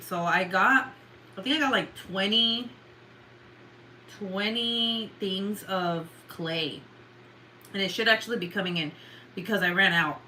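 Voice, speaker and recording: A woman's voice: medium pitch, sharp tone, a little hiss or hum, poor audio. A tired young woman chatting casually in a late-night livestream, rambling and swearing with lots of fillers. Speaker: vlogger.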